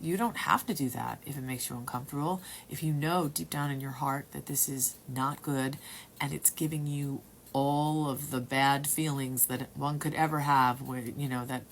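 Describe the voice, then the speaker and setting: A woman at home telling a personal story in a rambling, halting way, sometimes dropping to a whisper. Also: very deep voice, slight background noise. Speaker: testimony speaker.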